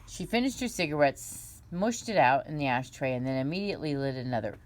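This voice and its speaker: Low-voiced woman reading a children's book. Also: animated. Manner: unhurried, gentle, with small slips and restarts. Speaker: reader.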